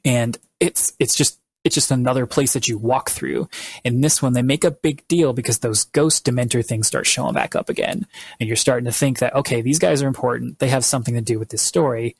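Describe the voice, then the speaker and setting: A man's voice: medium pitch, brisk, vocal fry, slightly rough, dry recording. A man in casual podcast chat, walking through a long recap with plenty of fillers and restarts. His voice sits in a middle register and sounds close and dry, with no room around it. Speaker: podcast co-host.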